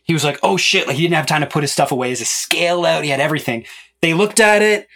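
A man's voice: fairly high pitch, animated, racing, a bit bright. A man hosting a podcast, chatting casually in a loose, rambling way with lots of fillers and restarts. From Chicago area. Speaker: podcast host.

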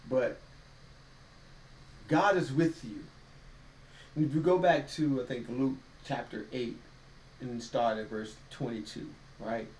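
Slow and full of pauses, a man with a darkish, medium-pitched voice co-hosts a laid-back faith podcast, preaching folksily and voicing quotes. There's roomy echo, a distant mic, and faint ambience.

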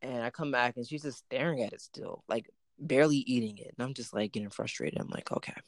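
A man's voice: mid-range voice, fast, dry recording. Storytelling man, dry close sound. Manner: storytelling, animated retelling with quoted dialogue. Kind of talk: casual chat.

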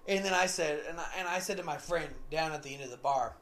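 A man's voice: on the high side, fast, a bit bright. A man telling a story in a casual, rambling monologue, repeating himself often. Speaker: vlogger.

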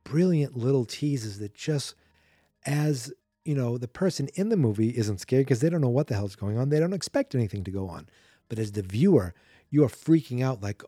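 A man's voice: mid-range voice, lively intonation, normal speed, dark tone, husky, dry recording, clean studio sound. A man hosting a podcast, casually recapping a film in a chatty, rambling way that often corrects itself mid-sentence. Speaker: podcast host. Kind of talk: casual movie recap commentary.

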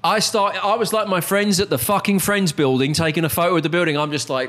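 A British man co-hosting a podcast, telling stories in animated, self-mocking bursts. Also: high-pitched, fast talker, hardly any pauses. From Britain. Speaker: podcast co-host. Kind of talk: casual podcast chat.

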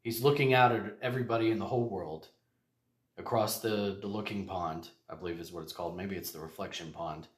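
A man's voice: low voice, steady tone, brisk. A man hosting a podcast, talking in a rambling, jokey and earnest way. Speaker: podcast host. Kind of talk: casual monologue.

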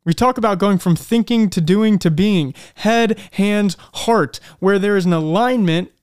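A male podcast host gives an earnest, reflective faith talk and slows down to stress key lines. His voice is smooth and resonant. The sound is dry and close, with no room echo. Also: sits high, a little mellow. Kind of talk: faith-based motivational talk.

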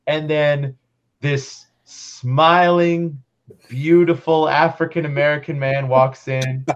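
Male podcast host, young teacher, animated storyteller, slightly dull sound. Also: a little high. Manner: animated, playfully acts out his own past thoughts.

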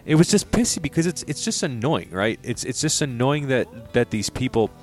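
A man's voice: mid-range voice, sing-song, moderate pace, faint music behind. A young man co-hosting a casual podcast, telling an exasperated, profane story about a theme park ride. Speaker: podcast co-host.

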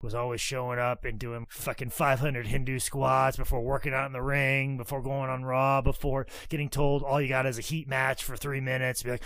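A man in casual podcast chat, telling stories with lots of swearing and acted-out quotes, his voice swinging from loud to soft. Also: mid-range voice, little pitch movement, normal speed, few pauses, no echo. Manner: swears a lot, acts out quotes. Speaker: podcast co-host, former wrestler.

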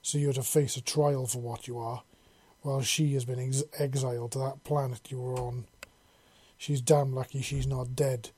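A man voicing a massive, scarred male alien warrior judge, speaking with a gruff voice in cold, threatening pronouncements. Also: mid-range voice, level tone, moderate pace, warm tone, lightly acted. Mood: contemptuous.

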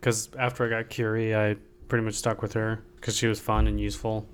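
A man's voice: on the low side, monotone, brisk, a little hiss or hum. A man chatting on a gaming podcast, explaining things in a matter-of-fact way. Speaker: podcast panelist. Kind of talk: casual chat.

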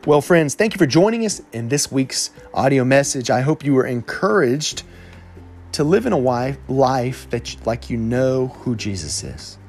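Lively Alabama pastor preaching. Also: male voice, mid-range voice, normal speed, faint music behind. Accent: Southern US, Alabama. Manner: animated, conversational preaching with slang examples. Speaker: lead pastor. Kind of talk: sermon.

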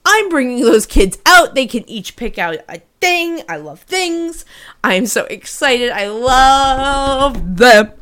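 High-voiced young woman telling animated stories. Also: takes it slowly. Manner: animated storyteller, swears a lot, acts out quotes. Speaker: podcast co-host. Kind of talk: casual chat.

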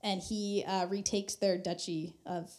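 Mellow-voiced woman telling history casually. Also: mid-range voice, steady tone, measured pace. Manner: chatty, laughing, heavy use of "like", swearing. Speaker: podcast host. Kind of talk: casual history podcast storytelling.

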